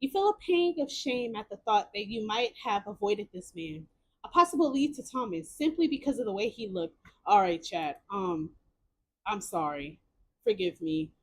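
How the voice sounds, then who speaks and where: A young woman streamer reads a choice-based story game aloud. She breaks off often into excited, exclamatory reactions and repeats words. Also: mid-range voice, normal speed.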